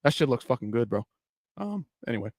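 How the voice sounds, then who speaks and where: A worn-out streamer, talking late at night, keeps his casual chat loose and foul-mouthed, wandering off and starting over. He speaks briskly and very animatedly at a medium pitch, his darkish voice captured on a completely dry recording.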